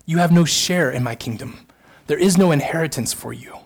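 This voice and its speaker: A man's voice: on the high side, a little fast, gravelly. A married man preaching a sermon, emphatic and building to fervent repeated phrases. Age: adult, married. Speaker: pastor.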